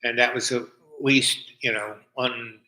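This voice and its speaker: An older man from New York telling a long personal story in a halting way, full of fillers and restarts. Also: medium pitch, fairly even intonation, bright, forceful tone, rough recording. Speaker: storyteller host. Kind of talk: rambling personal anecdote.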